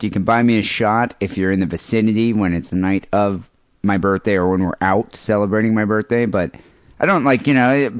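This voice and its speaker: A man's voice: on the low side, no echo. A man hosting a podcast, chatting casually with a sardonic, teasing manner. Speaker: podcast host. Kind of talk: casual chat.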